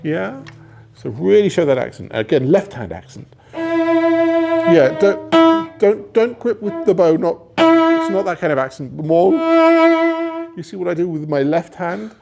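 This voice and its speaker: A man teaches a young cellist in a masterclass, encouraging him and singing phrases to show how they should go. His voice sits a little high and has a gravelly edge. A cello plays clearly behind him. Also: very animated, a little slow, pauses often, over music. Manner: encouraging, sings phrases to demonstrate. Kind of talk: masterclass coaching. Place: music school hall. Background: cello playing.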